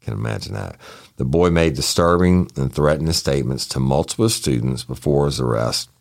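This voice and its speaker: A man's voice: very deep voice, lively intonation, brisk, gravelly, a little mellow. A middle-aged man co-hosting a crime news podcast, reading headlines aloud in a casual way and breaking off with asides. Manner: reads news aloud, trails off, says y'all. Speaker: podcast co-host.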